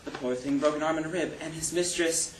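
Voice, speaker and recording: An actor in an amateur stage play playing a flamboyant, vain French marquis who gossips theatrically and takes offense quickly. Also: male voice, on the high side, a little hiss or hum, lightly acted. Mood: gossipy. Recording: echoey hall, mic from far off.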